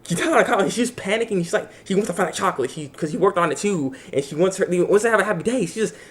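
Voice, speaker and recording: Fast-talking man recapping an anime. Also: high voice. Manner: rambling, animated, acts out characters' lines. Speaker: anime reviewer. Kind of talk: casual episode recap.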